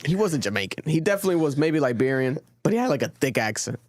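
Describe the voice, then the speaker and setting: A young man hosting a podcast in casual, rambling chat, swearing often and getting animated. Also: fairly high pitch, quick pace, dry recording, studio quality. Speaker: podcast host. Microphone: studio podcast mic.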